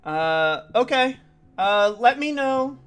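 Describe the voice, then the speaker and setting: High-voiced, slow-talking male streamer. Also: animated, fairly bright tone, clear, resonant tone, faint music behind. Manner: thinks aloud, chatty and self-deprecating. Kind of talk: casual let's-play commentary.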